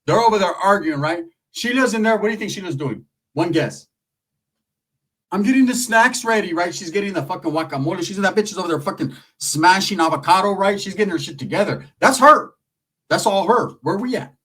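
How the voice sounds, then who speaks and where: Loud, rambling male storyteller. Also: sits high, lively intonation, brisk, husky, far from the mic. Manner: rambling, loud, with lots of slang. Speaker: stand-up comedian. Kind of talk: crude comic storytelling.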